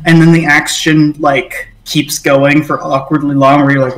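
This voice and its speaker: A man's voice: a little high, fairly even intonation, moderate pace, hardly any pauses, echoey room, poor audio. A man narrating as game master, rambling with many fillers.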